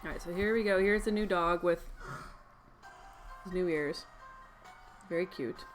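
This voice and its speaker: A young Canadian woman hosts a crafting livestream, chatting and rambling casually as she sews and laughing a lot. Her voice is fairly low and a little slow, with music playing behind her.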